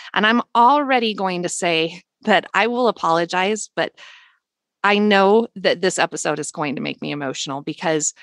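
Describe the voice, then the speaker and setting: A woman's voice: lowish voice, dry recording. A woman hosting a spiritual podcast, talking earnestly and emotionally, with many casual fillers. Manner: earnest, emotional, soft-spoken with frequent "like" fillers. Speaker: podcast host.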